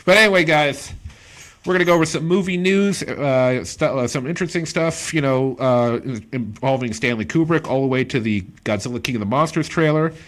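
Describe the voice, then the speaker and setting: A man's voice: mid-range voice, fairly quick. Chatty laughing male podcast host. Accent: Pittsburgh. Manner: laughs often, loose and chatty. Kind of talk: casual movie chat.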